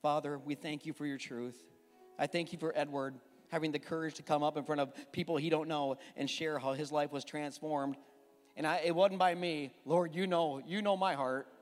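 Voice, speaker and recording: A man's voice: fairly high pitch, fairly even intonation, moderate pace. A man preaching a sermon and praying, a fervent pastor who builds to impassioned emphasis. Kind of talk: sermon and closing prayer. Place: church sanctuary. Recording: long church reverb with faint music.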